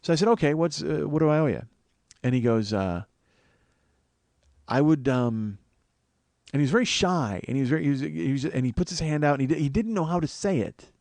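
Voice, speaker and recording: A man's voice: a little high, lively intonation, fairly quick, long pauses, a little mellow, no echo. A man, telling a rambling, self-mocking comic story as a podcast host. He swears a lot, and his voice climbs when he acts out his panic. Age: 40s. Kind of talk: comedic storytelling monologue.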